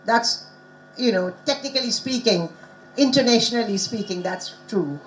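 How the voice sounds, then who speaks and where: A middle-aged woman presents at a conference in a lively, teacherly way. Her voice sits a little high, and she keeps pausing to quiz her listeners and stress key words. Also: faint music behind, low-quality recording. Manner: quizzes the audience, animated teacherly emphasis. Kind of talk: interactive teaching talk.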